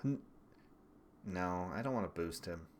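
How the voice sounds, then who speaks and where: A man's voice: sits low, animated, measured pace. A young man doing casual livestream political commentary: sarcastic, profane, and laughing often.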